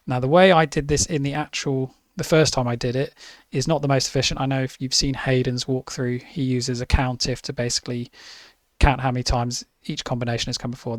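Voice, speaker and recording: Man, tutorial walkthrough, methodical step-by-step explaining, mid pitch, dry close sound. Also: fairly even intonation, brisk, dry recording. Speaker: spreadsheet competition presenter. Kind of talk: screen-recorded tutorial walkthrough.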